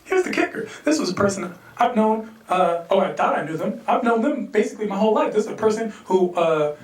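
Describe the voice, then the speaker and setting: An animated American man performing stand-up comedy, acting out characters in sudden high voices and laughing at his own jokes. The sound is roomy and distant, picked up by a stage mic far from his mouth. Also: brisk. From United States.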